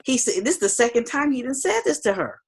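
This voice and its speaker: A woman co-hosting a casual recap chat, reasoning things through calmly. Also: on the high side, fast talker, vocal fry. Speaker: podcast co-host.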